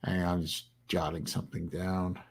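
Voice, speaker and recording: This livestream host is an older man from Florida with a low, gravelly, husky voice, a flat delivery and a normal speaking speed. He sounds tired, yawns, and rambles through casual chat with lots of fillers.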